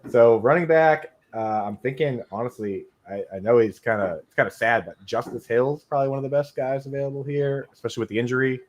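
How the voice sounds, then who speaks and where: A man's voice: medium pitch, a little fast, few pauses. A man with a Boston accent hosting a casual podcast chat, talkative and laid back, saying dude often. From Boston, USA. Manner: chatty, says dude a lot. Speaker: podcast host.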